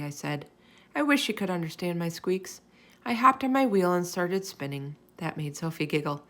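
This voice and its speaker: A woman reading a children's chapter book aloud in an expressive, animated storytelling manner. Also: on the low side, moderate pace.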